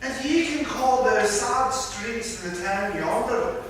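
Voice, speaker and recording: A man's voice: extremely high pitch, animated, slow, a bit bright, slight background noise, pitched above the performer's own voice, full character voice. A man reading aloud as a kindly old male spirit guide, in a put-on Scottish accent, heard from far off in an echoey hall. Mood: earnest. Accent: Scottish (put on, weak).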